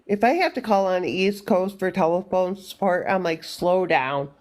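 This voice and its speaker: A woman's voice: medium pitch, fairly quick, a little mellow. A woman from Michigan with a Midwestern accent, chatting casually and giggling. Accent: Midwestern American. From Michigan, United States. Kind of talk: casual chat.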